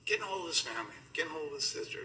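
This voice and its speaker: A man's voice: fairly high pitch, expressive, racing, sharp tone, slight background noise, low-quality recording. A middle-aged man giving a rambling, emotional funeral eulogy, laughing through his stories about a friend. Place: funeral gathering indoors.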